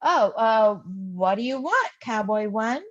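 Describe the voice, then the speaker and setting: An eager young writer with big dreams, read by a woman, firing off quick questions. Her voice sits high and swoops all over the place. The audio sounds a little dull. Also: lively intonation. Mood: excited. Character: young woman aspiring writer leading the group. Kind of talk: live play reading.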